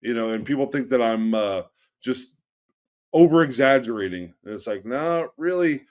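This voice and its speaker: A man at a middle pitch talks through a casual podcast chat, measured and steady, often tossing in a "right?" to his co-host. He sounds like someone who trains wrestlers and has heard every story.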